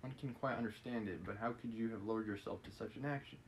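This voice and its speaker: A man's voice: fairly low pitch, quick pace, a little hiss or hum, lightly acted, low-quality recording. A man reading aloud as a pompous, self-righteous male official. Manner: pompous, indignant. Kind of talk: reading a novel aloud on a live stream.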